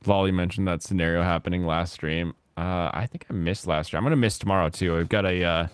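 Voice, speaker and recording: A man with a fairly low voice hosts a laid-back chat as he plays, drifting from thought to thought. He stops and restarts often and fills his gaps with "uh" and "like". The sound is dry and close. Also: fairly even intonation, smooth, dry recording. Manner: rambling, halting with many fillers. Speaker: host. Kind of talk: casual chat while gaming.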